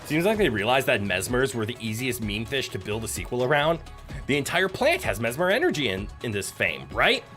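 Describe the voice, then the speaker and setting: A man's voice: medium pitch, fairly quick, faint music behind. A man casually streaming a survival game, joking, swearing and chatting with viewers. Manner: animated and joking, swears, talks to chat and his pet.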